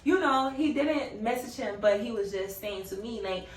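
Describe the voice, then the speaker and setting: A woman's voice: a little high, animated, moderate pace, recorded from a distance. A young woman vlogger telling a casual storytime, chatty and swearing, who often laughs and raises her voice to quote people. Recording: echoey room, away from the mic.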